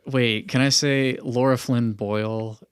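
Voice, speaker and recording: A man co-hosting a podcast, playful and quick to joke in casual film talk. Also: mid-range voice, steady tone, smooth, no room sound, studio quality. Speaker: podcast co-host.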